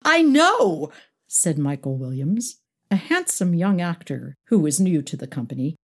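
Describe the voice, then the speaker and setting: A woman narrating a novel, expressive and wry. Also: low voice, normal speed, breathy edge. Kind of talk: audiobook narration.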